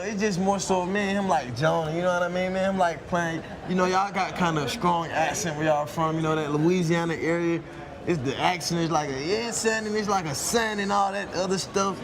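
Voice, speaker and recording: A young man who plays college football answers interview questions in a relaxed, colloquial way, often laughing. His voice sits a bit higher than most men's. Clear crowd chatter fills the space behind him at a busy outdoor event. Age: young adult. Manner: laid-back, laughing, colloquial.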